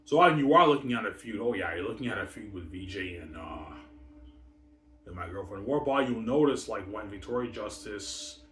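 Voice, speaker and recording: A man's voice: fairly low pitch, fairly bright tone, a little hiss or hum. A man talking in a repetitive, profane, rambling monologue. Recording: echoey room, mic far off.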